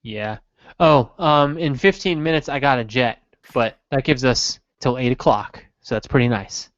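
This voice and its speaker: A podcast co-host chatting casually on a live stream, quick with playful jokes. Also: medium pitch, dry recording, lo-fi sound.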